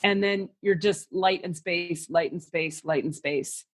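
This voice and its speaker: Animated, swearing woman channeler. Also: on the low side, unhurried. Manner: animated, swears freely, acts out voices and sounds. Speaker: psychic channeler and podcast host. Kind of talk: casual spiritual podcast reading.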